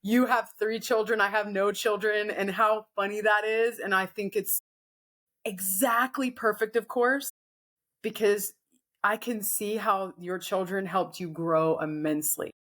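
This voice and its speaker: A woman co-hosting a podcast in casual chat, reflective and gentle, often restarting her sentences. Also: medium pitch, steady tone, a little slow. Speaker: podcast co-host.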